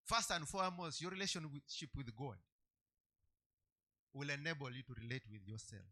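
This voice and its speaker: A man preaching a sermon, emphatic, repeating key phrases and swinging between loud and soft. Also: mid-range voice, moderate pace.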